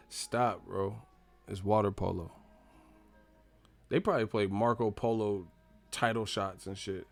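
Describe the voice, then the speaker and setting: A young man from the United States, hosting a casual live stream and joking loudly with lots of profanity. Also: on the low side, a little slow, creaky, pauses often, no echo. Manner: loud, profane, joking, laughs a lot.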